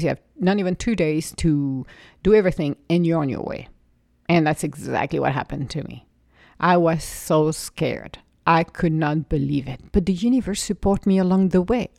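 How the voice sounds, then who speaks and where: A woman's voice: on the low side, darkish tone, no echo, clean studio sound. A woman telling her own life story to an audience in an emotive, rambling, motivational way. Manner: emotive, rambling, with laughs and restarts.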